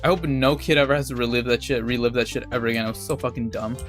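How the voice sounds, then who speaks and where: A man's voice: medium pitch, steady tone, racing, soft background music. A young adult man streaming a game, telling a rambling, profane story in a casual, laid-back way. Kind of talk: casual storytelling while gaming.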